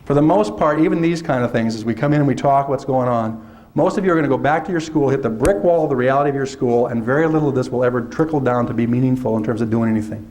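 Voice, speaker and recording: A man giving a lively workshop lecture to teachers, often acting out teachers in put-on voices. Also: mid-range voice, fast. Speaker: workshop presenter. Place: lecture hall.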